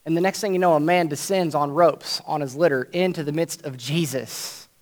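Male preacher with a high voice, animated storytelling sermon that acts out each scene. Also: normal speed.

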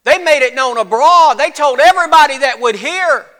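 A man preaching a sermon in a folksy, animated storytelling way, his voice getting cracky. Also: very high-pitched, normal speed. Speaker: pastor.

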